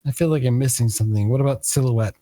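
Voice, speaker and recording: A man's voice: mid-range voice, steady tone, quick pace, dark tone, no echo. Hesitant man running a tabletop game. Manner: hesitant, many fillers. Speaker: game master.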